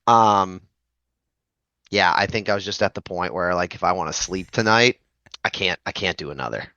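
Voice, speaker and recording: A man's voice: low-pitched, normal speed, pushed and bright, dry recording, muffled recording. A man with a Prince Edward Island accent chatting as a podcast guest, easygoing and hesitant, with lots of "like". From Prince Edward Island, Canada. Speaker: guest musician. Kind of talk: casual chat.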